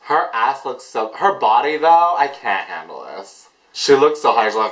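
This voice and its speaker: A man hosting a casual reaction vlog, gushing and excitable, breaking into delighted shrieks. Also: medium pitch, moderate pace, hardly any pauses, poor audio. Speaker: reaction video host.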